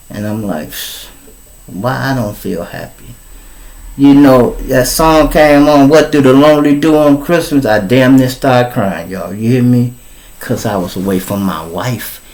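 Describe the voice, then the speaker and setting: A middle-aged man with a Chicago accent telling a personal story in a loose, profane way, jumping into high voices for the people in it. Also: low-quality recording. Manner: animated, profane, acts out voices in high falsetto. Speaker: storyteller host. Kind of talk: casual live storytelling.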